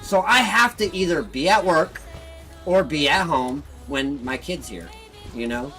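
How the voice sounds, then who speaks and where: A man hosting a gaming channel, ranting heatedly and with lots of swearing about his personal troubles, flipping between bitter muttering and loud outbursts. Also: a little high, lively intonation, a little slow, low-quality recording. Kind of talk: venting casual rant. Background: faint background music.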